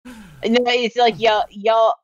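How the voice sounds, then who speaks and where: A woman chatting as a tabletop game player, giggling and gently correcting the others. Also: on the high side, flat delivery, slow, no echo, dull audio. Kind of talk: casual chat among players.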